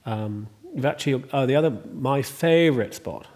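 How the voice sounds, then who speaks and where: A man talks casually in an interview at an ordinary, middle pitch. He rambles warmly from one point to the next, full of ums and self-corrections. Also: normal speed. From Ireland. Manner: rambling, chatty, many ums and restarts. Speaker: host and estate owner.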